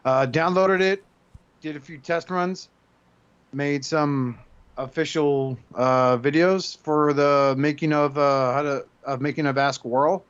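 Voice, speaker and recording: A man's voice: on the high side, fairly even intonation, slow pace, fairly bright tone, smooth. A man co-hosting a casual podcast, rambling with lots of hesitant fillers. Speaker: podcast co-host. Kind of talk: casual chat. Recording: dull lo-fi audio.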